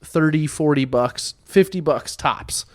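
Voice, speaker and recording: A man's voice: fairly high pitch, measured pace. Rambling, swearing male podcast co-host. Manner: rambling, swears freely, laughs often. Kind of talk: casual chat.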